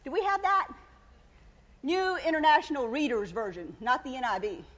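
A woman preaching a sermon in an emphatic, repetitive style, building to loud cries. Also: sits high, sing-song, normal speed, big-room sound, muffled recording.

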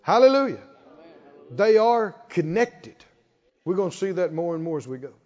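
High-voiced preacher in a reverberant hall. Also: male voice, lively intonation, moderate pace. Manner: call-and-response preaching, rising to emphatic shouts. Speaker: pastor. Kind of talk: sermon. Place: church sanctuary. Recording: reverberant hall, dull lo-fi sound.

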